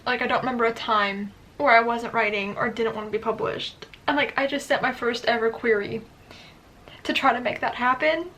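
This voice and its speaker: A woman vlogging casually to camera, chatty and excitable with lots of filler words. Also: on the high side, moderate pace. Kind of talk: casual vlog talk to camera.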